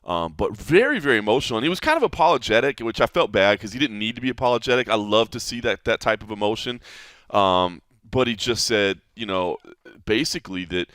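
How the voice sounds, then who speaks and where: A man co-hosting a podcast, talking in a relaxed, conversational way with plenty of fillers. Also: on the low side, brisk, smooth, no echo, clean studio sound. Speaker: podcast co-host. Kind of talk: casual chat.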